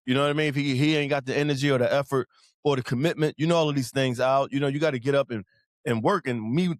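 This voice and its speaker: A man's voice: medium pitch, no echo, clean studio sound. A man hosting a casual podcast chat, rambling and repeating words as he talks. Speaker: podcast host.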